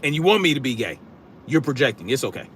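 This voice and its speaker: A man's voice: medium pitch, very animated, fast talker, fairly bright tone, slight background noise. A man hosting a political live stream, talking bluntly and combatively, projecting his voice, reading chat comments, and using casual slang. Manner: casual slang, repeats catchphrases.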